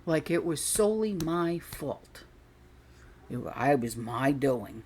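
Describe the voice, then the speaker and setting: With a low, darkish voice that is very animated yet slow, a middle-aged woman vents on her own channel. The casual monologue is indignant and rambling, full of tangents, and a slight hiss or hum sits under the audio.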